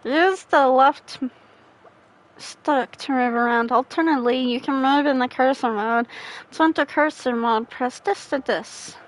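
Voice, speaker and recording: A woman's voice: high voice, unhurried, low-quality recording. A woman gamer reading game text aloud in a casual let's play, giggly and playful.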